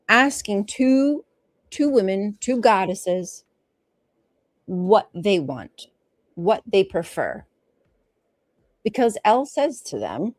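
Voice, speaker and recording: Brief: female livestream host, unhurried reading, lively asides, swears casually, dry close sound. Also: mid-range voice, dry recording. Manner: animated, frank, swears freely, stops to comment.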